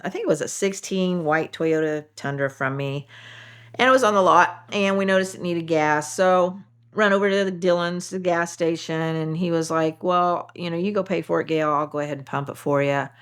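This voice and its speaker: A woman from Indiana who sells cars, telling stories in a casual, animated way and acting out her customers' lines. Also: fairly low pitch, moderate pace, clean tone. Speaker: car saleswoman. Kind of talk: casual storytelling. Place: Kansas.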